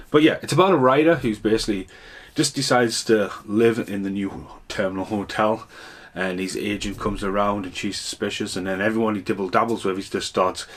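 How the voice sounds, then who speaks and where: A man giving a casual, rambling, jokey movie review. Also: lowish voice.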